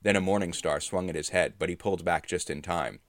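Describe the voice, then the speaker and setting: Deep-voiced man, dry close sound, recounts a fantasy game session as a story. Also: fairly quick, no echo. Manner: steady, understated prose narration. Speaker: narrator recapping a tabletop game.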